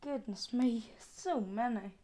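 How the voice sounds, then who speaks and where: Chatty woman vlogger, slightly high voice. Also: takes it slowly, mellow. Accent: non-American, with regional word "wee". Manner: chatty, exclaiming, thinking aloud. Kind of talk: casual unboxing chat to viewers.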